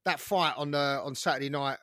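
A laid-back, chatty man co-hosts a casual sports podcast, a little rough from a hangover. His voice sits a touch high for a man. The sound is close and dry. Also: steady tone, fairly quick, bright, forceful tone, no room sound. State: a bit hungover. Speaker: podcast co-host. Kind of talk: casual boxing podcast chat.

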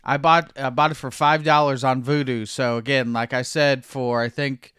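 A man's voice: mid-range voice, steady tone, moderate pace, a bit bright, clear, resonant tone, no echo. A male podcast co-host with a mid-range voice who rambles in an easy-going way through casual chat. The recording is dry and close.

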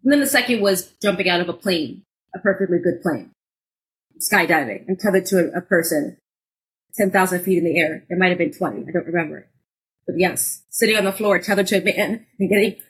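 Woman, podcast co-host, casual storytelling, expressive, lots of "like", mid pitch. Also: poor audio. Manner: expressive, acts out moments with sudden loud high bursts; frequent filler "like".

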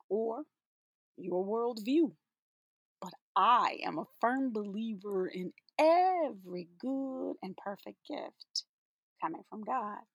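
A sassy, playful woman delivers an inspirational spoken-word monologue with a husky, breathy edge to her fairly high voice. She takes her time, drawing out words for emphasis and laughing often. The sound is close and dry. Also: fairly bright tone, dry recording. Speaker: teacher.

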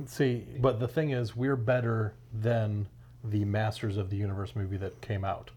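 A man co-hosting a podcast, trading dry deadpan jokes in casual banter. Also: lowish voice, moderate pace. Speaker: podcast co-host.

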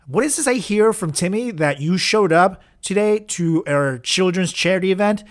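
Exasperated man scolding in shrill bursts. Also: expressive, normal speed. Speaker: podcast host. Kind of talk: mock interview comedy.

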